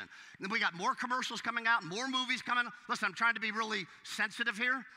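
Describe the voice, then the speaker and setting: Male pastor, high and very bright voice, big reverberant church hall. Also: quick pace. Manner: preachy, swings from hushed to loud. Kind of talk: sermon.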